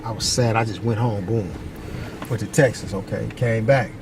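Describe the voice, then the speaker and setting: A middle-aged man from Long Beach telling a casual story outdoors. He is animated and acts out the people he quotes. Faint street and traffic noise sits behind his voice. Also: normal speed. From Long Beach, California. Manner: animated storyteller, acts out quotes in a high voice, repeats "you know what I mean". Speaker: vlogger. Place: outdoors by a basketball court, moving in traffic.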